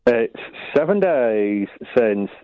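A man's voice: medium pitch, very animated, takes it slowly, dull audio. Easygoing northern English man. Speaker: radio co-host. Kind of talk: casual radio chat.

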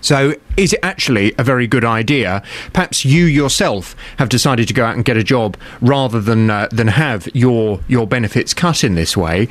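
A man's voice: medium pitch, lively intonation, moderate pace, hardly any pauses, no room sound. A man presenting radio, dry and self-deprecating in banter, then trailing his phone-in. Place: radio studio.

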